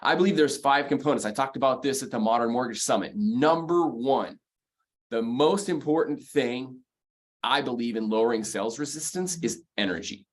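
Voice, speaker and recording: A man's voice: medium pitch, moderate pace. A man giving a motivational sales lesson in an ordinary mid-range voice. He talks emphatically, hammers the same phrases again and again, and works through his advice point by point. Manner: emphatic, repeats key phrases, counts off numbered points. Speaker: mortgage sales coach. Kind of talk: motivational sales training talk.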